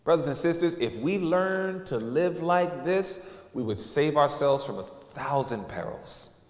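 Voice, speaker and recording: A man's voice: on the high side, measured pace. A male preacher giving a sermon, telling stories and acting out the voices of the people in them. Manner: lively storytelling with acted-out voices. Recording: echoey hall.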